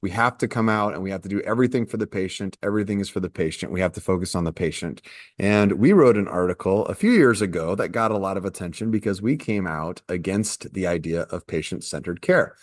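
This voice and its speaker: A man's voice: low-pitched, animated, fast, dry recording. A man hosting a podcast, playful and joking with his co-hosts before explaining a topic at length. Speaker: podcast host. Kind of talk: casual podcast chat.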